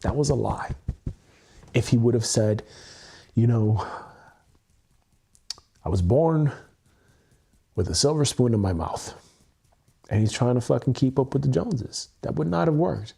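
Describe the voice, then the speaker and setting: A man's voice: mid-range voice, animated, measured pace, vocal fry, pauses often, warm tone, husky. A man talking alone to his camera on a livestream, earnest and emotional, swearing freely and repeating himself as he works through his feelings. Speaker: content creator. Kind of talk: solo livestream monologue, EFT tapping. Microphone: webcam mic, looking into camera.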